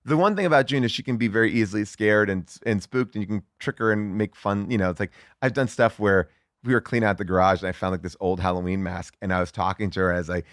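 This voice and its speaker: A middle-aged man chatting as a guest, telling a story in a lively way with lots of fillers and some swearing. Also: lowish voice, fast, dry recording, clean studio sound. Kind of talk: casual chat.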